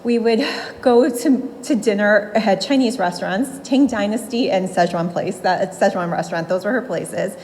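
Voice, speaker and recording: A woman's voice: medium pitch, moderate pace, darkish tone, slight background noise, low-quality recording. A woman in her forties giving a eulogy for her grandmother in a funeral home room, telling fond stories and laughing between memories.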